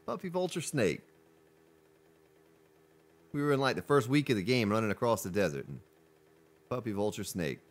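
Chatty male game streamer with a lively voice. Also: normal speed, pauses often. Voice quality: deep voice. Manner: chatty, reads chat aloud, greets viewers. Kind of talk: casual live-stream commentary.

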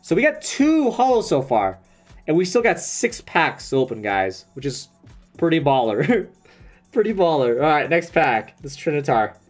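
Young guy hyped up on a live stream, voice jumps all over, swears a lot, faint music under him. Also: fairly high pitch. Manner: excitable, swearing, quick asides to chat. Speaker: streamer opening trading cards.

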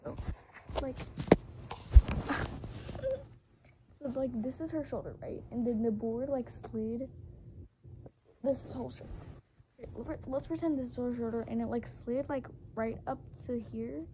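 A woman's voice: fairly high pitch, moderate pace, mellow, slight background noise. Rambling teen girl telling a storytime. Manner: rambling, filler-heavy, restarts often. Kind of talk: casual storytime vlog.

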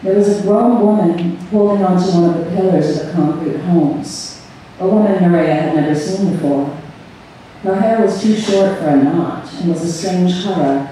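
A woman reading her own story aloud to a live audience, measured and unhurried. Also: on the low side, warm tone, slight background noise. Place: event room on a cruise ship. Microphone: far audience camera. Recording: echoey hall recorded from far off.

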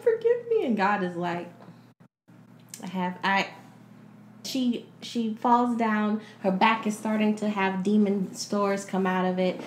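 A woman hosting a podcast, giving a casual movie recap and acting out the characters' lines as she retells the plot. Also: medium pitch. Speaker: podcast host. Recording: echoey room, faint background hiss.

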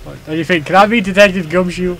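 A man's voice: high-pitched, fast, a bit bright. A young man co-hosting a let's play video, chatting and laughing as he plays. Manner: chatty, laughs often, eager to react to the game. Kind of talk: casual gaming banter.

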